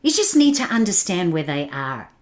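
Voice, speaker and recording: Lively woman giving a motivational talk. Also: lowish voice, moderate pace. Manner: addresses the audience directly with questions and challenges; lively and animated, laughing at audience comments. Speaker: keynote speaker.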